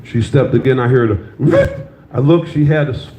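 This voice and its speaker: Here the older man's voice sits at medium pitch, mellow and moderately paced, with a little background noise. His stand-up is loose and crude, full of anecdotes and jabs at the audience. The club recording has a roomy, slightly dull quality.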